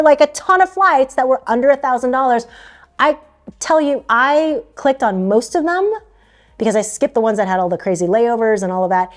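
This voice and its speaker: Speaking a little high but with a darkish tone, this young Philippines-connected American travel vlogger gives tips in casual talk to camera. She chats away with plenty of fillers and laughs often.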